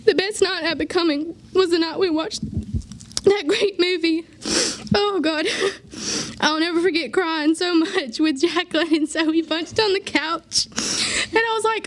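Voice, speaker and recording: Very high-voiced teen girl, tearful. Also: measured pace, a little hiss or hum. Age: late teens. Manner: tearful, laughing through tears, heartfelt. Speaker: graduating youth group member giving a speech. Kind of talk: emotional farewell speech to a church youth group.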